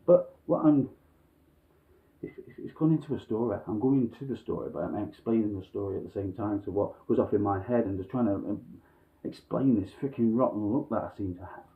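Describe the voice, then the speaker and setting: A man's voice: lowish voice, brisk. A man telling a frustrated story to his viewers in blunt, sweary casual talk with chuckles, recorded at home. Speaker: vlogger. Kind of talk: casual ranting monologue. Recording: phone-like lo-fi sound.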